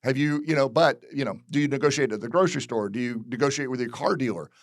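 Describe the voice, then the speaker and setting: A man from Florida who works as a real estate broker talks candidly and off the cuff, circling back to the same phrases. His voice sits at an ordinary middle pitch. The recording is close and dry, with no room sound. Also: fast, no room sound. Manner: candid, repeats phrases, frequent restarts. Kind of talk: casual commentary. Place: real estate office video.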